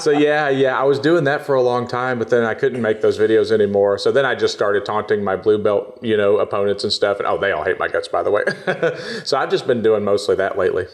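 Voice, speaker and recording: A man's voice: fairly low pitch, a little fast. A man with a Texan country accent, a podcast guest talking trash in casual chat and laughing often. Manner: brash trash-talking, laughs often, polite "yes, sir".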